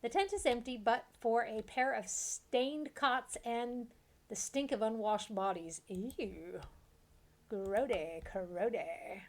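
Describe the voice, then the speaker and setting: A woman's voice: on the high side, animated, measured pace. A woman streaming a game, chatting casually, giggling, and reading the game's text aloud. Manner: giggly, chatty, trails off into asides.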